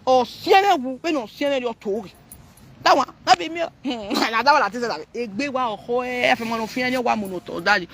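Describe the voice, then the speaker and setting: A man's voice: very high voice, animated, fairly quick, hardly any pauses, a bit bright, slight background noise. A man with a Nigerian accent talking to viewers on a live stream, ranting animatedly and mixing Pidgin, Yoruba and English.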